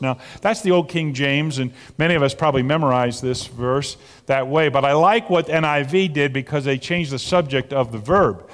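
A man preaching a sermon, moving between loud emphatic peaks and soft near-whispers. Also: mid-range voice, normal speed, hardly any pauses, long reverb tail. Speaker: pastor.

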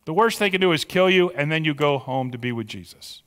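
A pastor preaching a sermon with emphatic, drawn-out stressed words in a church sanctuary. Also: male voice, a little high, lively intonation, a bit bright, clean tone, big-room sound.

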